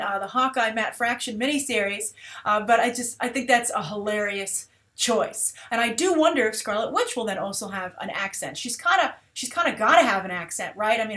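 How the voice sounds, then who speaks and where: A woman hosts a trailer review in relaxed, chatty commentary. Her voice sits a little high and she talks animatedly, scattering fillers as she goes. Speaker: host of a movie trailer review show. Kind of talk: casual commentary.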